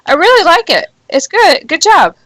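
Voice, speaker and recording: A woman's voice: extremely high pitch, very animated, normal speed, fairly bright tone, dry recording. A woman co-hosting a live stream, playfully teasing viewers in casual chat. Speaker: co-host of a live stream show.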